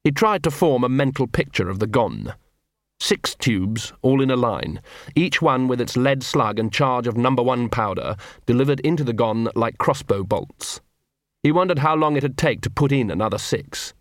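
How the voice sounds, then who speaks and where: A man's voice: mid-range voice, lively intonation, normal speed, no room sound. Guy reading an audiobook, wry and dry, close dead-sounding mic. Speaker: audiobook narrator. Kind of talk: audiobook narration.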